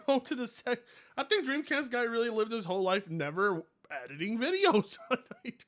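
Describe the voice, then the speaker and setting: Very high-pitched, this live streamer mocks the videos he's watching, shouting and cracking up as he reacts.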